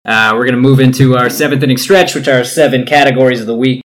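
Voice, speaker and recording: Bright-voiced man, casual sports podcast host. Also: mid-range voice, steady tone, fast talker. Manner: laid-back, rambling with fillers.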